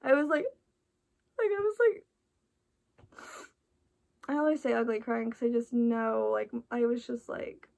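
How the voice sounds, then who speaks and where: A woman's voice: a little high, measured pace, gravelly, pauses often, darkish tone. A woman chatting in a casual, rambling way, full of restarts and "like", sounding tired and emotional. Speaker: vlogger reacting to an album.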